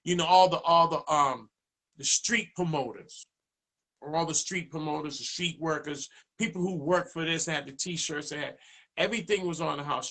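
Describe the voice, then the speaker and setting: A man tells stories as a DJ guest in a relaxed interview. His voice sits a bit high and bright, and it jumps up when he plays out other people's lines. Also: gravelly. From Boston, USA. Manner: animated, acts out dialogue in raised voice. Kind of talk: casual storytelling interview.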